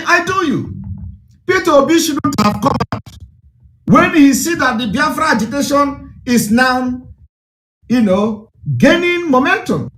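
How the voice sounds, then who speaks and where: A man with a Nigerian accent giving an impassioned broadcast address, fiery and declamatory with lots of repetition. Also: high-pitched. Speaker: political broadcaster.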